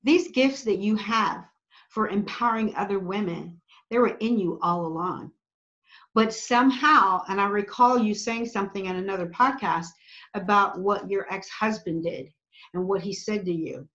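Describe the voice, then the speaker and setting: A woman's voice: mid-range voice, moderate pace, a bit bright. A woman guest on a podcast giving earnest, preacherly advice, stressing her points by repeating phrases. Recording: slightly dull lo-fi audio.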